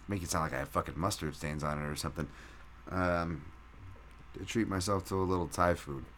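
A man's voice: fairly low pitch, pushed and bright. A man hosting a podcast in a loose, rambling live-stream recap, reading out chat and swearing casually. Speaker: podcast host.

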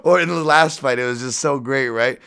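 A man hosting a fight podcast, breaking down bets in a profane, animated and self-deprecating way. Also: mid-range voice, normal speed, vocal fry, clear, resonant tone. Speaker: podcast host and fight analyst. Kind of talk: casual betting-podcast breakdown.

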